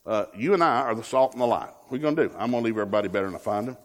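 A man preaching a lively, joking sermon as a guest speaker, with a husky voice. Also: fairly low pitch, racing.

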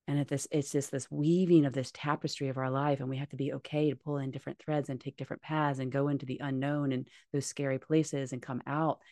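Low, gravelly-voiced woman guest. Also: warm tone, dry recording. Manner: open, heartfelt, casually swearing. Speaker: podcast guest. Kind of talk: candid conversational interview.

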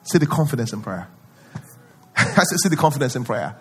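A male pastor preaching a sermon, acting out prayers in a pleading voice and rising to loud declarations. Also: mid-range voice, very animated, moderate pace, slightly rough.

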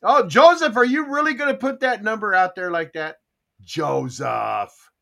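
A man's voice: high voice, lively intonation, unhurried, vocal fry, pushed and bright. A man hosting a casual call-in chat show who chats animatedly and reads listener comments aloud. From Pacific Northwest. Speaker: show host.

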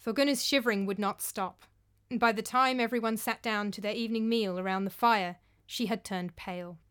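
A woman narrating a storybook tale in a calm, measured, clear way. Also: mid-range voice.

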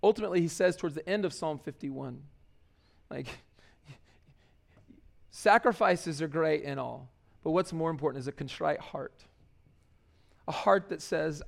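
A man's voice: on the high side, measured pace, creaky, pauses often. A man preaching a sermon in a loose, conversational way, full of fillers and restarts. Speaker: pastor.

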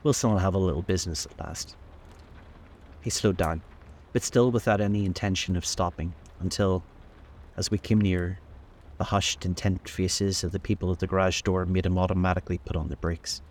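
A man narrating a classic novel aloud as host of a storytelling show, in a measured, steady manner. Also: low-pitched, a little hiss or hum. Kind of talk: audiobook-style novel reading.

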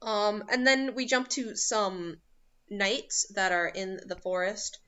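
A woman's voice: mid-range voice, takes it slowly, clear, resonant tone. Young woman recapping a film, lo-fi sound. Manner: storytelling recap with deadpan asides. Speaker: podcast co-host. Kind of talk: casual chat recapping a film. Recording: dull lo-fi recording.

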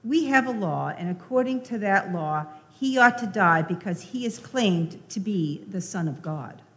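A woman reading the lines of an angry crowd of accusers in a measured, plain scripture reading. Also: mid-range voice, expressive. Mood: insistent. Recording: reverberant church hall.

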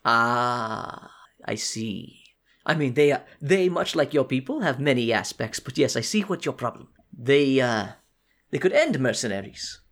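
A man doing an intense inquisitor commander who keeps his voice low and quiet. His lines come clipped and measured, carrying veiled threats. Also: lively intonation. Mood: cold probing.

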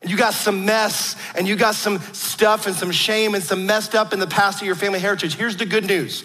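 A man's voice: high voice, fairly even intonation, brisk, pushed and bright, faint music behind. A man preaching a sermon, telling stories earnestly with frequent restarts. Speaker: pastor. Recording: long hall reverb.

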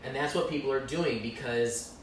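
A man co-hosting a casual talk show, animated and jokey. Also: medium pitch, moderate pace. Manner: animated, jokey, breaks into loud put-on voices. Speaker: podcast co-host. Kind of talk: casual chat. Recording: echoey room, far from mic, faint noise.

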